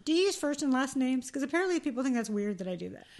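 Woman, podcast co-host, playful, self-deprecating, laughs a lot, higher voice. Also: very animated, very fast, a little mellow. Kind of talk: casual chat.

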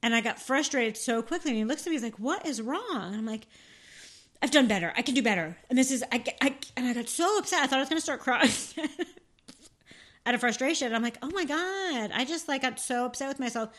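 A woman with a fairly high voice co-hosting a relaxed podcast conversation. She rambles through her stories, laughs easily and swears without a second thought. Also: fairly quick. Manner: laughs often, swears freely, rambling storytelling. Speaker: podcast co-host. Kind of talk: casual chat.

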